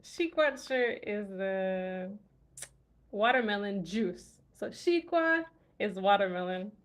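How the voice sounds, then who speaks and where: A woman's voice: mid-range voice, expressive, takes it slowly. A woman language vlogger chatting casually, musing aloud and laughing often as she recalls words. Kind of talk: casual livestream chat.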